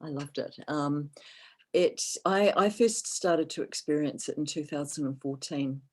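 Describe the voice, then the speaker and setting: A woman healer telling a personal story in casual podcast chat, animated when she quotes others and dropping softer at times. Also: sits low, unhurried.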